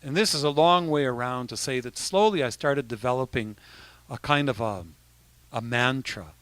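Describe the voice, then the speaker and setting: Man, bishop, relaxed talk to teens, bright tone, dry close sound, chatty restarts. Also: mid-range voice, moderate pace, dry recording. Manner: conversational, with many restarts and asides. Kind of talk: informal talk to youth.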